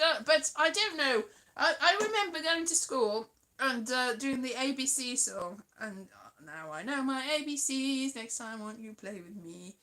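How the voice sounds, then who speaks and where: British woman, 40s, stream host, bright and sharp tone, loose rambling chat. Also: a little high. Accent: British English. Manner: rambling, chatty storytelling. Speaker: livestream host. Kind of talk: casual chat with live viewers.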